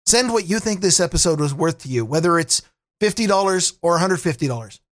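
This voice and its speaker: A man's voice: high-pitched, animated, a little fast. A man hosting a podcast, signing off in a wry, self-deprecating way. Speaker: podcast host. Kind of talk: podcast sign-off.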